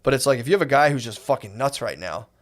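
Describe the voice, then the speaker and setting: A man's voice: mid-range voice, animated, quick pace. A man co-hosting a podcast in casual chat, rambling and swearing as he acts out scenes. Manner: rambling and profane, acts out scenes with quoted voices. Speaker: podcast co-host.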